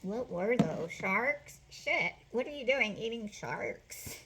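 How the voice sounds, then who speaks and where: A woman doing a casual card reading to camera, playful and joking, laughing often, sometimes slipping into soft whispered affirmations. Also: fairly high pitch, animated, slow pace, noisy background. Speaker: spiritual card reader.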